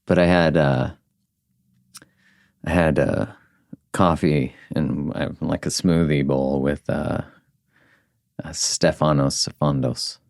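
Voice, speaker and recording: A man's voice: a bass voice, steady tone, slow, gravelly, long pauses, a little mellow, no room sound, clean studio sound. A man hosting a podcast, talking candidly and reflectively in casual conversation, swearing now and then. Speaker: podcast host.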